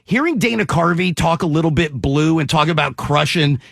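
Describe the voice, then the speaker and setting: High, gravelly radio host. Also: male voice, animated, moderate pace, no room sound, studio quality. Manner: eager questioner, repeats and restarts. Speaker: radio morning show host. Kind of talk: casual radio interview.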